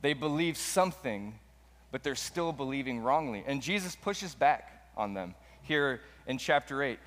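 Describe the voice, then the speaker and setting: A man's voice: mid-range voice, lively intonation, a little slow, fairly bright tone, big-room sound. A man preaching a sermon as pastor, earnest and emphatic, often repeating his points.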